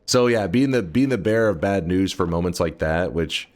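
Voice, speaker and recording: A man's voice: low voice, animated, normal speed, slight background noise. A man streaming, telling a rambling, profane story in casual chat. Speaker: gaming streamer.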